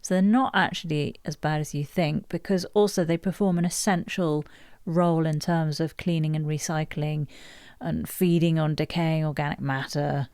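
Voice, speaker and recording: A woman's voice: low voice, steady tone, normal speed, few pauses, a little mellow, clean tone, dry recording, clean studio sound. A woman co-hosting a gardening podcast, sharing facts in a giggly, enthusiastic casual chat. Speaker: podcast co-host.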